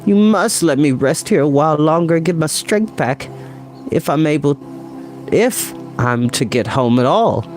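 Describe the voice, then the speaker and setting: A man voicing a timid, frightened male mole with a high, feeble, trembling voice. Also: animated, unhurried, darkish tone, faint music behind. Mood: weary.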